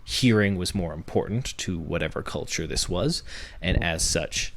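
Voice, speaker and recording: A young adult man hosting a podcast walks through a workshop step by step like a teacher, building each point from worked examples. His voice is low, with lively intonation and a moderate pace, and there's slight background noise.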